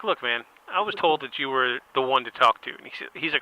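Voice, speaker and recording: Playful male podcast host, bright voice. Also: mid-range voice, animated, quick pace, few pauses. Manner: playful, acts out both sides of a phone call with shouted swearing. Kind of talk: improvised comedic phone-call story.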